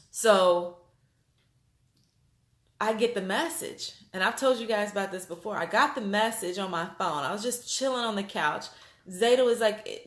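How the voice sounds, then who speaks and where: A woman vlogger telling a story to her viewers in a casual, animated way, with lots of fillers and restarts. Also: medium pitch. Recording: roomy echo.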